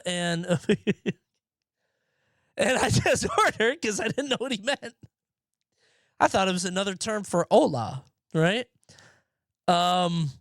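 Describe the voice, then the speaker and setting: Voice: medium pitch, moderate pace, dry recording, studio quality. A streamer in their thirties from the United States, chatting casually with live viewers in a rambling, profane way and laughing often.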